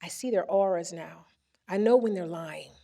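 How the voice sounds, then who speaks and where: A woman presenter reading a first-person story aloud on a theater stage into a microphone, with expressive comic timing. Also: fairly low pitch, normal speed, creaky. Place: theater stage before a live audience.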